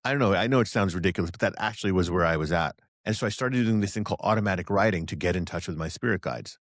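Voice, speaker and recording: A low-pitched man talks rapid-fire as a guest psychic channeler in a casual interview, animatedly telling stories and acting out the voices he quotes. The studio-quality recording has no room sound.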